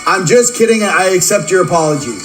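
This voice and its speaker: Hyped-up guy on a livestream, kinda high voice, shouting out viewers and laughing a lot, faint music behind. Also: brisk, rough recording. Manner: excitable, rattles off viewer locations, laughs often. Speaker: livestream host. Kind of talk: live-stream spiritual talk with viewer shout-outs.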